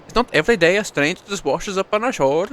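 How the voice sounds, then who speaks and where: Tired, friendly, inquisitive village woman with a mock Welsh lilt; a man reads her, pitched up high. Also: expressive, quick pace, fairly bright tone. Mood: chatty. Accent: put-on Welsh lilt. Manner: chatty, inquisitive.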